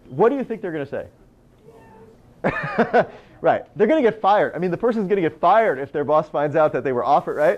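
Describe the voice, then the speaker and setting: A man who hosts an internet radio show, giving a live talk to a speakers' group and telling stories full of "you know" and "right?". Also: a little high. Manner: animated storyteller, lots of "you know" and "right?". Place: meeting room. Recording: dull lo-fi recording.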